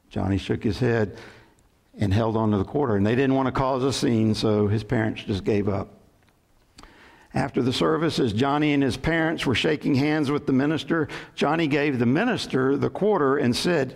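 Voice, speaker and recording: A man preaching a sermon, reading scripture in a measured way and telling light jokes, lifting his voice for the characters in them. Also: mid-range voice, gravelly, a little mellow. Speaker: pastor. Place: church sanctuary.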